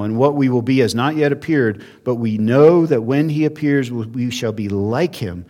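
A male pastor preaching a sermon in a church, earnest, with emphatic rises and quiet drops. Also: lowish voice. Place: church sanctuary.

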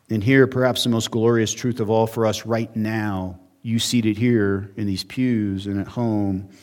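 A male pastor preaching a sermon in a church, earnest, with emphatic rises and quiet drops. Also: medium pitch. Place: church sanctuary.

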